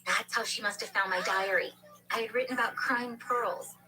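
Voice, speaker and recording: A woman's voice: mid-range voice, steady tone, normal speed. A woman narrating a first-person dramatic story in an earnest manner. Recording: noisy background hiss.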